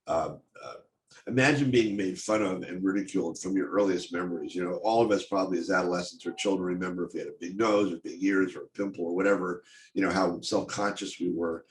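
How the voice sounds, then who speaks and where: A middle-aged man, a photographer, telling a personal story in a casual, halting way with many ums and restarts. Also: deep voice, a little hiss or hum. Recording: roomy echo, faint background ambience.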